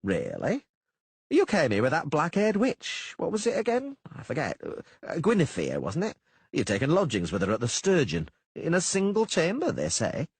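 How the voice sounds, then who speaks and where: A man's voice: fairly high pitch, huge pitch swings, normal speed, slightly rough, no room sound, pitched above the performer's own voice, exaggerated voice. A man doing a coarse, blustering mayor. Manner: gossipy, blustering. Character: blustering middle-aged male town mayor, coarse.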